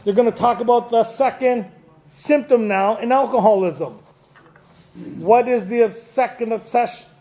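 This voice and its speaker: High, gravelly-voiced man quizzing a room. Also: normal speed, dark tone. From Canada. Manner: quizzes the audience, joking and laughing. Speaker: AA speaker leading a Big Book study. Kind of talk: lively talk to a recovery group. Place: meeting room with audience.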